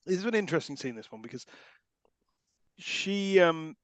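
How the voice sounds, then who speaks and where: A British man co-hosting a podcast, speaking in a measured, wry way with some halting restarts in casual chat. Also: on the high side, animated, fairly bright tone, no echo. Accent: British English. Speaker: podcast co-host. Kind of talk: casual film review chat.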